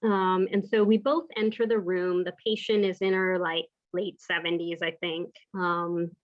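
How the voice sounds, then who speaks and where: A woman physician recounting a clinical case from her work, pausing often with ums and uhs. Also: on the low side, little pitch movement. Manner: halting, many ums and uhs. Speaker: physician educator. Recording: dull lo-fi recording.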